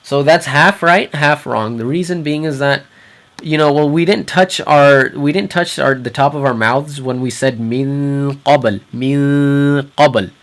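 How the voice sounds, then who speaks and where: A man with a fairly high voice teaches recitation rules in a patient, explanatory way. He stops to say each example word slowly, more than once. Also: a bit bright. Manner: patient, repeats Arabic words slowly for practice. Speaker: tajweed teacher.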